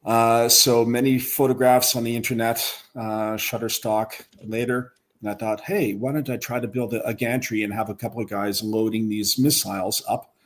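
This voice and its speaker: A man chatting as a guest on a livestream, telling his story in a relaxed, self-deprecating way. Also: medium pitch, normal speed, hardly any pauses. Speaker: guest model builder. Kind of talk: casual chat on a livestream.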